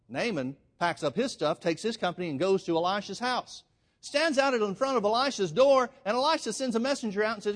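A man's voice: high-pitched, animated, brisk. A man preaching a sermon, telling a story with emphatic delivery. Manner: emphatic storytelling, addresses the congregation as folks.

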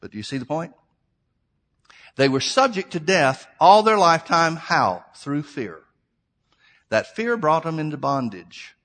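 A man's voice: on the high side, big pitch swings, a little slow, long pauses, a bit bright. A middle-aged man preaching a sermon, reading scripture and asking the congregation rhetorical questions in a plain, conversational way.

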